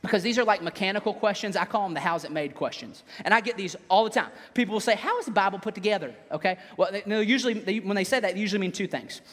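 A man, preaching a sermon in a casual, animated way and dropping his voice for dramatic scripture readings. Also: high-pitched, fast talker, few pauses. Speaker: pastor. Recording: echoey hall.

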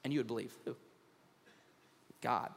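A man's voice: mid-range voice, moderate pace, gravelly, breathy edge, in a large hall. A man pastor, giving a humorous sermon from a church stage, acting out voices as he tells stories. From United States. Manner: animated storytelling, acts out voices, humorous.

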